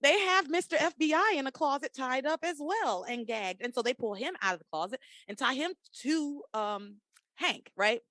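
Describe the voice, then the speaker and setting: Animated, profane woman podcast host. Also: high-pitched, moderate pace, no room sound. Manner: animated, profane, laughs often, acts out characters' lines. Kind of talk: casual chat recapping a soap opera.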